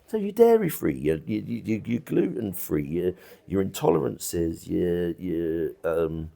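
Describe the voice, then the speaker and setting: This is a pub landlord chatting in an interview. His voice sits low and has a gravelly edge. He talks bluntly and loosely, full of restarts and asides. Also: sing-song, measured pace, warm tone. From England. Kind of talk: casual interview chat. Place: country pub bar.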